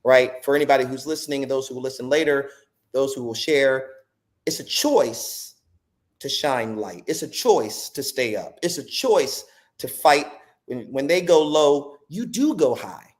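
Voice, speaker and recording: A man in a podcast conversation, talking in a reflective, animated way, with preacher-like repetition and acted quotes. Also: mid-range voice, a little slow. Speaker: podcast guest speaker.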